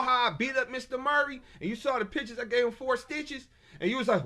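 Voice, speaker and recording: A man's voice: extremely high pitch, brisk, bright, forceful tone. A man in an agitated casual monologue rant, stammering and repeating himself. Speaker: self-published author.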